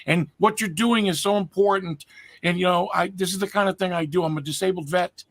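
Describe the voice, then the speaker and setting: A man's voice: high-pitched, steady tone, a little fast, fairly bright tone, no echo. A man on a call who talks eagerly about tech and offers to help. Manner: enthusiastic, helpful. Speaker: call-in guest. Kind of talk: casual call-in chat.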